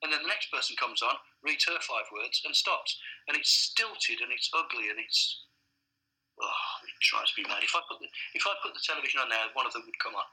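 A man in a casual interview, a blunt and animated storyteller who swears freely. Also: mid-range voice, fairly quick, slightly rough, rough recording. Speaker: advertising director, guest.

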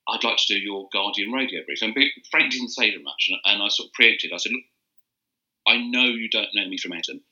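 An older advertising copywriter, guesting in a casual interview, tells rambling anecdotes full of restarts and chuckles. His lowish voice is bright and forceful, with the highs cut off.

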